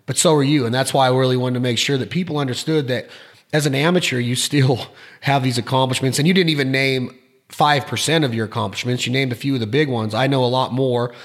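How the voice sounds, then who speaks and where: A man hosts a relaxed interview podcast, piling one thought onto the next. He speaks with enthusiasm and often stumbles over repeated words. His pitch sits in the middle of the male range. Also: fast talker. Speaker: podcast host. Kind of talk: casual interview chat.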